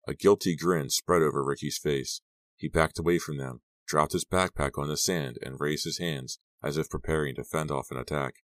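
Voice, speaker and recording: A man narrating an audiobook in a measured, even storytelling manner. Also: a bass voice, no room sound, clean studio sound.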